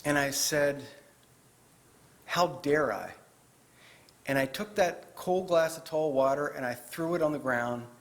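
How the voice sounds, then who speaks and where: A man's voice: fairly high pitch, measured pace, pauses often. A man giving a chatty, joking talk as a guest author to a live audience in a parish hall. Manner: chatty, joking, with fillers and restarts.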